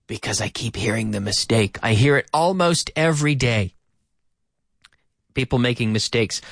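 A man teaches English on live radio, his pitch jumping all over as he drills words by repeating them slowly. He drops in Spanish phrases now and then. The studio mic sounds dry and close. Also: sing-song, fairly bright tone, dry recording. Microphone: studio microphone with headphones.

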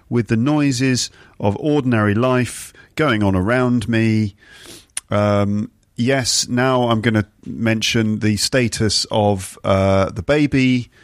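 A man hosting a podcast for learners, talking in a chatty, playful, rambling way from the kitchen area of his flat. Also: mid-range voice, clean tone, no room sound, clean studio sound. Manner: chatty, playful, self-commenting. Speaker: podcast host and English teacher. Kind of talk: casual rambling monologue. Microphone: podcast microphone.

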